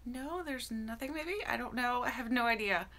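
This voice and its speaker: A woman hosting a casual beauty live stream from home, greeting viewers by name. Her voice is slightly hoarse and tired. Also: fairly high pitch, moderate pace, bright, forceful tone.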